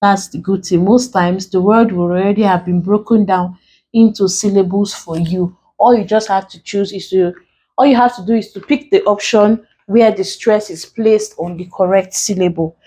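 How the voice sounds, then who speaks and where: A woman from Nigeria with a Nigerian English accent, teaching an online exam lesson and working through each answer step by step in a deliberate way. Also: medium pitch, steady tone, warm tone, slightly rough.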